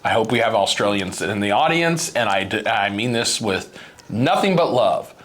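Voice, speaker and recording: A man's voice: lowish voice, animated, moderate pace, fairly bright tone, a little hiss or hum. A man hosting a casual snack-tasting video, joking and complaining in an exaggerated way. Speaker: channel host tasting snacks.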